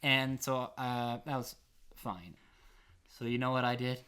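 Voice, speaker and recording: Young male podcast co-host, loose, rambly, swears a lot, laughs easily, mid-pitched voice. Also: flat delivery, measured pace, pushed and bright, smooth. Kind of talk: casual chat.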